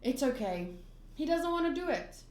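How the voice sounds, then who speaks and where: A woman's voice: sits high, very animated, normal speed, voice pushed up. A woman voicing a carefree young male pirate captain who talks bluntly and cheerfully. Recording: roomy echo.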